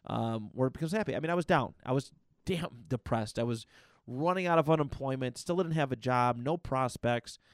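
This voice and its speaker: A man's voice: medium pitch, moderate pace, no room sound, clean studio sound. A man hosting a podcast, talking casually and candidly about his own life, rambling with many restarts and fillers. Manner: candid and reflective. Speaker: podcast host. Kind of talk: casual personal monologue.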